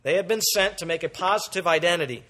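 A man preaching a sermon as pastor, with emphatic delivery that moves between loud and soft. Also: high-pitched, quick pace.

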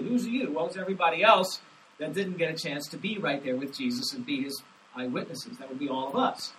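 Man, pastor, sermon, emphatic, slightly high voice, faint hiss. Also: pushed and bright. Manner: emphatic, slows down to stress scripture quotes. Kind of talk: expository sermon. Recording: distant mic with faint hiss.

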